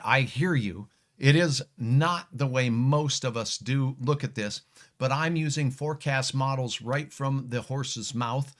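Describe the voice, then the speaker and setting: A man's voice: mid-range voice, a bit bright. Male weather forecaster, casual and joking, reads viewer comments.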